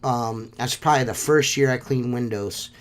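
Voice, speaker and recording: A man's voice: mid-range voice, normal speed. A young adult man hosting a casual chat, telling stories with heavy swearing and frequent laughs. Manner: profane, laughs often, animated storytelling. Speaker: podcast host.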